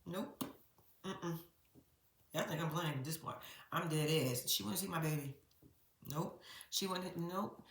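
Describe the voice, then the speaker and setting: A woman giving a blunt, profane, animated recap of a reality show, talking straight to her viewers in a casual vlog. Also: lowish voice, unhurried, pauses often, echoey room. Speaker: reality TV commentator.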